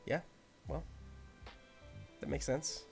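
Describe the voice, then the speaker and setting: A man hosting a casual livestream, muttering quietly to himself as he concentrates on painting a miniature. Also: takes it slowly, soft background music. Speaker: host.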